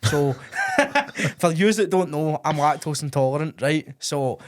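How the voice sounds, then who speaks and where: A young Scottish podcast co-host tells embarrassing stories in casual chat, swearing, laughing, and saying "mate" often. His voice is on the high side, very animated, at a measured pace.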